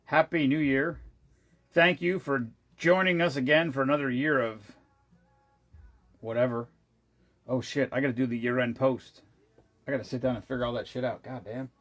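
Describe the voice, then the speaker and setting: A man's voice: mid-range voice, steady tone, normal speed, long pauses, a bit bright. A tired man chatting casually to his viewers, rambling with many restarts and asides and the odd swear word. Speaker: vlogger. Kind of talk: casual chat.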